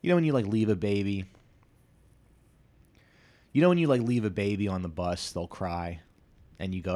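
A man's voice: on the low side, normal speed, pauses often, mellow. A man in his thirties hosting a casual solo podcast, telling rambling, self-deprecating stories full of asides and restarts. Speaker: podcast host.

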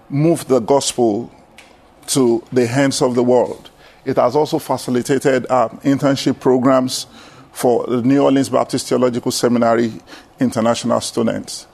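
Gravelly Nigerian pastor with many fillers. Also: male voice, mid-range voice, moderate pace, a little mellow. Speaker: pastor and seminary student. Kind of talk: church panel talk.

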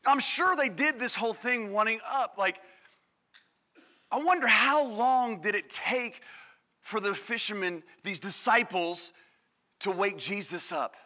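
A man preaching a sermon to a congregation, energetic and calling on the crowd, acting out quoted voices. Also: sits high, a little slow. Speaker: pastor. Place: church service.

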